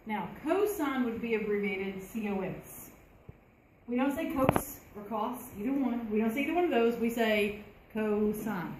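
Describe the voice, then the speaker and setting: With a fairly high voice and lively intonation, this woman teaches math at a moderate pace, chatting with her class and asking them questions. Her words echo around the classroom over faint room noise.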